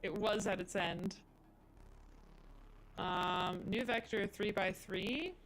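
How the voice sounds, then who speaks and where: Slow and a bit bright in her mid-range voice, a woman codes on a live stream and thinks out loud, rambling casually and using lots of fillers. Slight background noise is audible.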